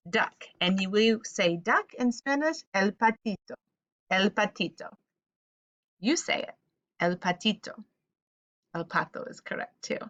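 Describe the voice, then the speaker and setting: A woman's voice: medium pitch, pushed and bright. A woman teaching a children's Spanish vocabulary lesson, patiently saying words and asking listeners to repeat after her. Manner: patient call-and-repeat teaching, slow and clear.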